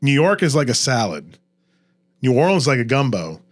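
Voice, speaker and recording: A man's voice: medium pitch, big pitch swings, normal speed. A man from Louisiana hosting a casual podcast chat, explaining local history and pronunciations at length. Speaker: podcast host.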